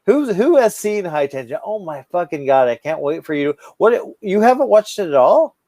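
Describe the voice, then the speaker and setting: A man's voice: high-pitched, sing-song, normal speed, a little mellow, dry recording. A man co-hosting a casual podcast chat, rambling and swearing a lot, stoned and stumbling over his words. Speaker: podcast co-host.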